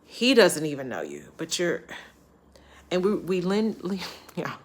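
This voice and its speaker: Woman vlogger, casual storyteller, animated and chatty, lower-pitched, quick to laugh. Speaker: travel vlogger.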